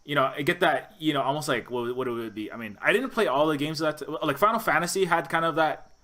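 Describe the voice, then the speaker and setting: Quick, bright and forceful, this man's high-ish voice carries a casual podcast interview he's hosting. His speech rambles, packed with restarts and repeated "you know"s.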